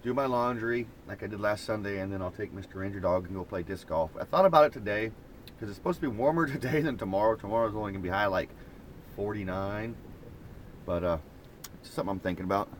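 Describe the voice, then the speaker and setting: A man's voice: on the low side, quick pace, a little hiss or hum. A man vlogging in casual chat, rambling in an easygoing, reflective way from inside a moving camper van.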